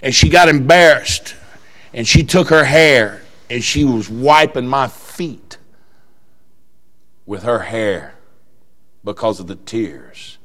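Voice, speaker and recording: An older man preaching a sermon, telling a story in a quiet voice that breaks into fervent shouting. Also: medium pitch, lively intonation, takes it slowly, long pauses.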